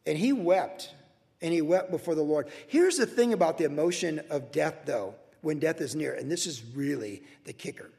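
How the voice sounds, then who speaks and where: An older man preaching a sermon from the pulpit in an earnest, emotional way, swinging from soft to loud. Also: fairly high pitch, expressive, moderate pace, creaky, big-room sound. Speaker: pastor. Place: church sanctuary.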